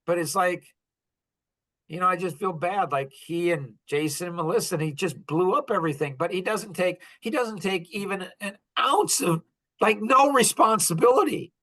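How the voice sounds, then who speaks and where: A man's voice: high-pitched, moderate pace. Rambling man venting on a podcast. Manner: rambling, animated, acts out quoted conversations. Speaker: podcast host. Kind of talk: casual monologue.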